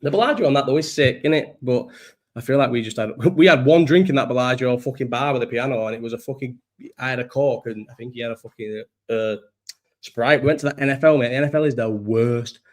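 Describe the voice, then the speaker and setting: A man's voice: medium pitch, fast talker. A young man, chatting casually and rambling on a live stream, swearing and laughing often. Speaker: livestream host. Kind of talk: casual chat reading live chat.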